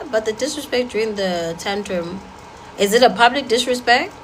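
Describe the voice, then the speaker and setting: A woman's voice: fairly high pitch, very animated, a little hiss or hum, poor audio. A woman giving blunt, sassy dating advice in casual talk to an audience. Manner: blunt, sassy, rapid-fire.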